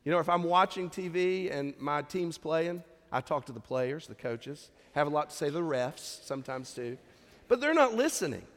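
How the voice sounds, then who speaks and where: Male pastor, lively, slightly high voice, conversational preaching in a long-reverb church hall. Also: normal speed. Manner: conversational preaching with rhetorical questions. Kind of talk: sermon.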